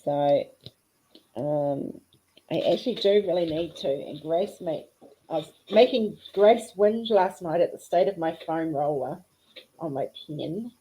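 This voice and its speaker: An Australian woman talks casually through a craft livestream, thinking aloud as she works. Her voice is on the lower side and warm, with a relaxed, rambling flow. A faint hiss sits under her voice. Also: measured pace, low-quality recording. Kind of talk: casual chat while crafting.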